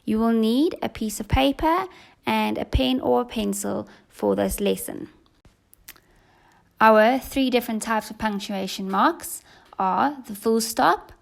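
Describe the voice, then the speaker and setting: Woman, primary school teacher, patient and clear, strong vocal fry, pitched a little high. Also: unhurried. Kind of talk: recorded remote lesson for children.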